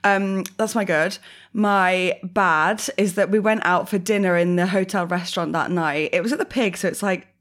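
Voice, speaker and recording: A woman's voice: fairly low pitch, normal speed. A young woman, eight months pregnant, telling rambling stories in a casual podcast chat. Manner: rambling, animated storytelling with frequent fillers. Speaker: podcast co-host.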